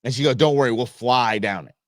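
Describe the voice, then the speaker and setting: A man's voice: medium pitch, fast, dry recording, studio quality. A man in his fifties, a show host, telling a funny personal story in a casual, joking way and acting out the back-and-forth he had with someone. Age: 50s. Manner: animated, joking, acts out quoted exchanges.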